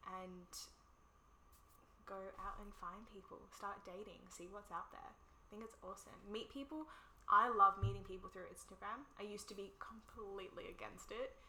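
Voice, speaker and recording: A woman's voice: medium pitch, steady tone, moderate pace, sharp tone, a little hiss or hum. A woman guest on a podcast, talking in an upbeat, chatty way and laughing easily. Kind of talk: casual interview chat. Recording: echoey room with faint ambience.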